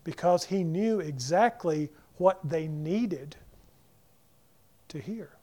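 Preaching with a slightly high voice and lively intonation, this man moves from booming emphasis down to near-whispers. He brings the scripture's characters to life in quick voices.

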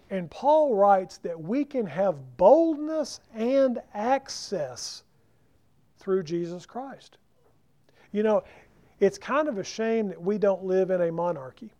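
A man preaching a sermon, emphatic and slowing down to stress key words. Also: high voice, warm tone. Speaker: pastor. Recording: dull lo-fi recording.

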